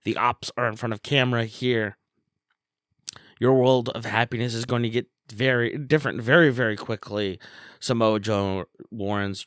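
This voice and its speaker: A man co-hosting a podcast, giving a brisk play-by-play recap of matches with small fillers. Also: fairly low pitch, steady tone, a bit bright, clean tone, no room sound, studio quality. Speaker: podcast co-host.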